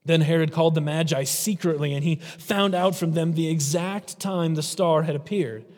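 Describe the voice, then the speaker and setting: A man with a slightly raised voice delivers an emphatic sermon. He slows down and quickens for effect, and his words ring out in a hall with a long reverb. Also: fairly high pitch, a little mellow. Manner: emphatic preaching, varies pace for effect. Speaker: pastor.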